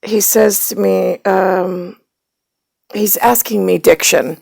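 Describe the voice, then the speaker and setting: Woman vlogger, heavy vocal fry, dry close sound, rambling storyteller who slips into whispers. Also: mid-range voice, steady tone, slow pace, dry recording. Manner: meandering, drops into hushed whispery asides. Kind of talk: casual rambling monologue. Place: at home.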